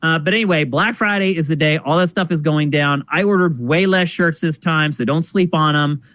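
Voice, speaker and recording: High-pitched guy hosting a podcast, acts out people in his stories, dry sound. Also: brisk, dry recording. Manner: animated storyteller, acts out voices. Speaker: podcast host. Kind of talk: casual podcast chat.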